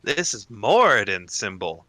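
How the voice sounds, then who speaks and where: A man playing a blunt, practical dwarf woman smith, talking in an animated way. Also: fairly low pitch, unhurried, dry recording, pitched below the performer's own voice, heavily acted. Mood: boastful.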